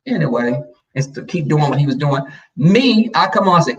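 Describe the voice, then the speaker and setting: A man's voice: fairly high pitch, normal speed, distant mic, highs cut off, a little hiss or hum. A man telling family stories in casual chat, blunt and slangy, acting out the voices of the people he quotes. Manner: animated, acts out quoted voices.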